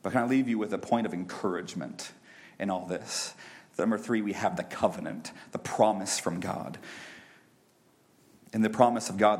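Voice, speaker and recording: A man in his thirties preaching a sermon who builds to loud, high peaks and then drops to a soft, hushed voice. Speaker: pastor.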